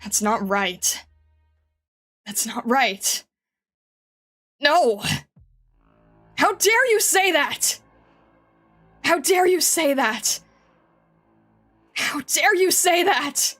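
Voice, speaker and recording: A woman's voice: on the high side, a little slow, a bit bright. A woman voicing a stern young woman investigator who speaks coldly and accuses, over faint background music. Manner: cold and accusing, rising to anger.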